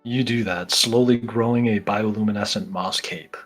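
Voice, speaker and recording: A man's voice: on the low side, fairly even intonation, moderate pace, soft background music. A man running a tabletop role-playing game as game master, speaking briefly and matter-of-factly.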